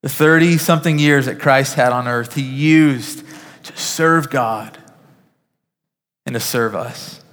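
Earnest pastor preaching in a reverberant hall. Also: male voice, mid-range voice, slow pace. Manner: earnest, names listeners, rises to emphatic peaks then drops soft. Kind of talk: sermon. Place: church sanctuary.

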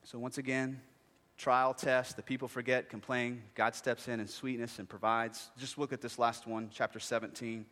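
A man in his thirties preaching a sermon, lively and joking, acting out voices as he speaks. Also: medium pitch, normal speed. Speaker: pastor. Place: church sanctuary. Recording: long hall reverb.

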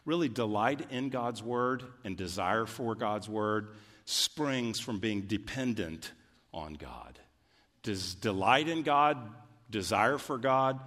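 A man preaching a sermon as a pastor, earnest and emphatic, rising in pitch when he pleads in prayer. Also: fairly bright tone. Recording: long reverb of a large hall.

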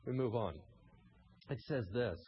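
A man's voice: medium pitch, measured pace, lo-fi sound, slight background noise. A man preaching a sermon, asking the congregation rhetorical questions and reading scripture aloud. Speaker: pastor.

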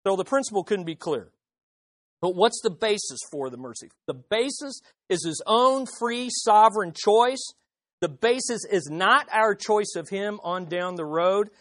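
A woman's voice: mid-range voice, expressive, a little slow, a bit bright, no echo. Woman, preacher, sermon, emphatic rhetorical questions, dry sound.

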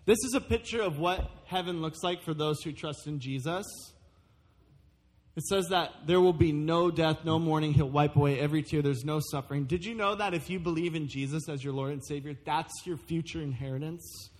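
A man preaching a sermon in a church, earnest and emphatic, easing into a soft pleading tone with the congregation. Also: a little high, a little fast. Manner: earnest, rising to emphatic, then softly pleading. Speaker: pastor. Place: church sanctuary. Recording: church service audio with music underneath. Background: worship music.

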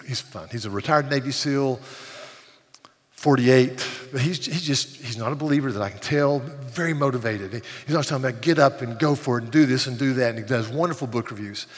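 An older man preaching a sermon, earnest, often repeating words as he builds emphasis. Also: mid-range voice. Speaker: pastor. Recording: long hall reverb.

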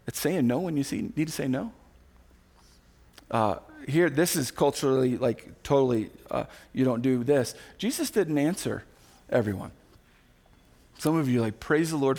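A male pastor preaching a sermon, animated and conversational, acting out quoted voices with quick asides. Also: medium pitch, slightly rough. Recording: recorded sermon audio.

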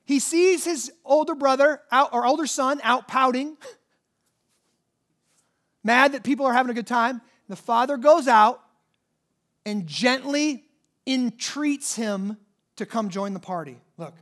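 A church preacher delivers a sermon, animated and emphatic, his pitch and volume rising and falling to drive home his points. His pace is a little slow, with frequent pauses.

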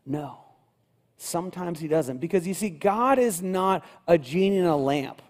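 A male pastor preaching a sermon in a church, building rhythm through repeated phrases and swinging between quiet and loud. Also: high voice, expressive, measured pace. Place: church sanctuary. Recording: long hall reverb.

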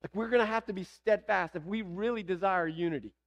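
A man's voice: high-pitched, brisk, highs cut off. A man with a Southern American accent preaching a sermon, asking the congregation rhetorical questions. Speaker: pastor.

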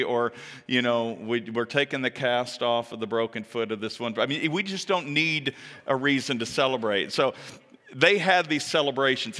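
Animated male preacher in a reverberant hall. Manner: animated storytelling, acting out quoted lines with sudden high pitch. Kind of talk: sermon.

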